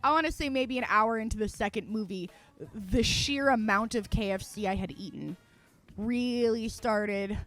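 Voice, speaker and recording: A young female streamer tells a story in casual chat, lively and profane, acting out her own lines and laughing a lot. Her voice is fairly high and her pace normal, with soft music playing in the background.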